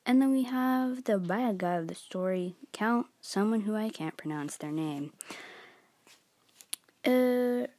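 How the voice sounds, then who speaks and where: Slow, mellow, and expressive, a young woman with a medium-pitched voice rambles casually through a manga review for her vlog. Her talk is packed with fillers and giggles, recorded dry with guitar music playing behind.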